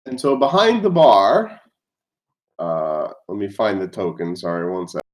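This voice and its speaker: A low-pitched man narrates a tabletop game as its game master. His pitch rises and falls a lot, and he stops now and then to find things. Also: very animated, a little mellow. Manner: unhurried, pausing to look things up.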